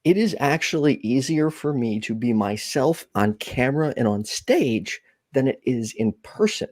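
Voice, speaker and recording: Animated man with a husky voice. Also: medium pitch, measured pace, no room sound, studio quality. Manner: animated, goofy and openly self-reflective. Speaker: show host. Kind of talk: casual chat on a call-in show.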